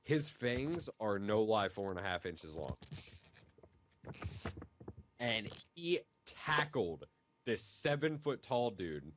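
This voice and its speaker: A young man on a voice call, casually telling long stories in a rambling way, filling every pause with "like". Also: mid-range voice. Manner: rambling, heavy use of "like". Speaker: guest on group call. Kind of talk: casual storytelling.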